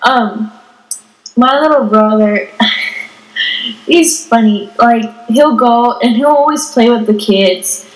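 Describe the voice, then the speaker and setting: A woman's voice: a little high, takes it slowly, pauses often, reverberant, rough recording. A teenage girl co-hosting a podcast, chatting casually and giggling as she acts out what people said. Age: teens. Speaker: podcast co-host. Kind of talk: casual chat.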